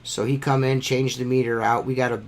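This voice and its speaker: A man's voice: medium pitch, little pitch movement, brisk. A man telling stories in a casual podcast chat, swearing freely and ranting about bills. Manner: profane, ranting storyteller. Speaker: podcast host.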